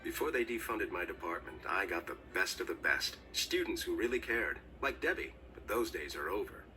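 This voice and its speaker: A gruff, cynical storm professor. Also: male voice, low-pitched, very animated, moderate pace, pushed and bright, recorded from a distance, soft background music, full character voice, rough recording. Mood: bitter. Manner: gruff, bitter and world-weary. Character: weary, cynical middle-aged male storm professor. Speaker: game character.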